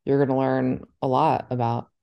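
A woman co-hosting a casual book podcast, rambling and animated with lots of fillers. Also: rumbling low, normal speed, muffled recording. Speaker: podcast co-host. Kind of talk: casual book club chat.

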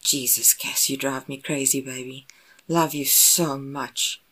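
A woman voicing a blunt grown man who talks in clipped lines, at times hushed. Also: extremely low pitch, steady tone, a little slow, full character voice. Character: gruff, blunt grown man, lover and hunter.

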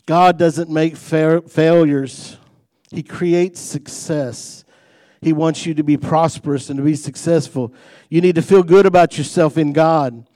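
A man's voice: a little high, fairly even intonation, measured pace, warm tone. A man preaching a sermon in a folksy, conversational way, mixing jokes into his points and building emphasis on key lines. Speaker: pastor.

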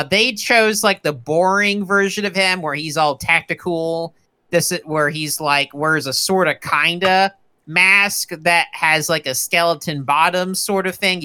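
A man's voice: a little high, fairly even intonation, measured pace, pushed and bright, clean tone. A man co-hosting a comedic movie podcast, rambling and joking with many fillers. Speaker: podcast co-host. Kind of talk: casual comedic movie chat.

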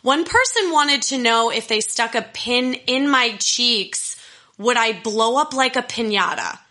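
A woman's voice: on the high side, animated, a little slow, sharp tone. A young woman telling a candid personal story in an earnest, emotional, self-deprecating way. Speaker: storyteller sharing personal history.

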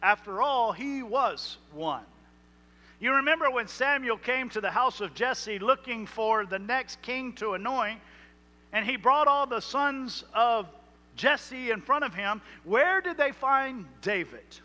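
A male pastor preaching a sermon, emphatic, with slow dramatic pauses on key words. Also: high voice, bright, forceful tone. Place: church sanctuary. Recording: reverberant hall.

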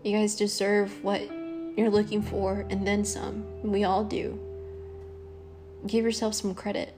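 A young woman hosting her own podcast, talking earnestly and rambling a little, with frequent ums and soft laughs. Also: mid-range voice, little pitch movement, unhurried, over music. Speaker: podcast host. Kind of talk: casual solo podcast talk.

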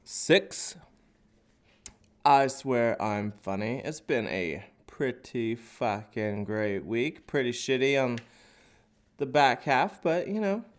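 A man with a stuffy, nasal voice from a cold tells a crude, sarcastic stand-up bit. His pitch swoops widely as he talks. He records in an echoey open office. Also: lively intonation, slow pace. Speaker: podcast host and stand-up comic.

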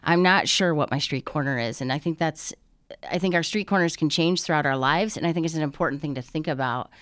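A woman's voice: deep voice, brisk, fairly bright tone, smooth, no echo, studio quality. A woman co-hosting a faith podcast, speaking earnestly and inviting listeners to a church event. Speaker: podcast co-host.

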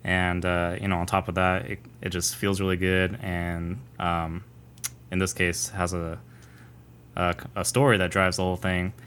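A man co-hosting a casual gaming podcast, talking in a measured, thoughtful way with frequent ums. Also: low-pitched, flat delivery, fairly bright tone, slight background noise. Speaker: podcast co-host.

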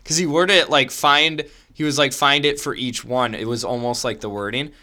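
A young man co-hosting a podcast, easygoing and quick to laugh, rambling through stories. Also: medium pitch, fairly even intonation, sharp tone. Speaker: podcast co-host. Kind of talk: casual podcast chat.

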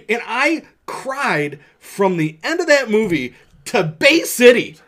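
A middle-aged man with a high voice tells a self-deprecating story in a podcast chat. His pitch swoops and bounces as he acts out his own side of the tale. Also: a little slow. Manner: animated storyteller, self-mocking. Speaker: podcast co-host. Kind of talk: casual chat.

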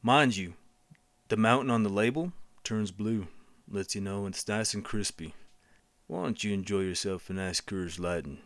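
A man doing an impression of a folksy old cowboy pitchman with a deep, slow drawl. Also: no room sound. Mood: folksy deadpan. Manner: folksy, deadpan.

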